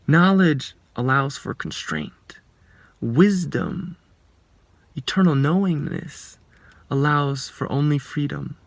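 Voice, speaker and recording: Man giving a spiritual talk, slightly raised pitch, unhurried measured delivery, earnest, rhetorical questions, dry close sound. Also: animated, vocal fry, no room sound. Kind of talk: reflective spiritual talk to camera.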